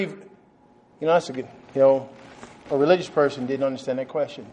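A man's voice: medium pitch, brisk, long pauses, darkish tone. A man from Texas, preaching a sermon emphatically, with frequent chuckles and amens. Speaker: pastor.

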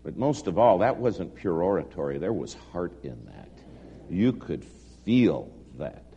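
Animated man storytelling in a reverberant hall. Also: low voice, a little slow, lo-fi sound. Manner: animated, self-deprecating storyteller. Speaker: speaker addressing an audience. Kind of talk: humorous personal storytelling speech. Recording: long hall reverb, faint hum.

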